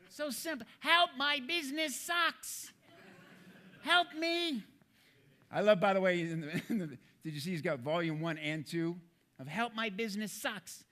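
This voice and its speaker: A middle-aged man giving a comedic keynote talk to an audience, jokey and animated, with many fillers. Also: on the high side. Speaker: speaker.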